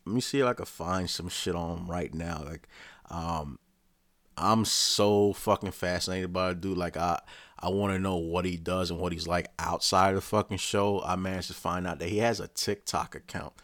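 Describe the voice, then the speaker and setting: Deep-voiced man ranting profanely. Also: normal speed, no echo. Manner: profane, rambling, animated storytelling. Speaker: vlogger. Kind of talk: casual rant recapping a show.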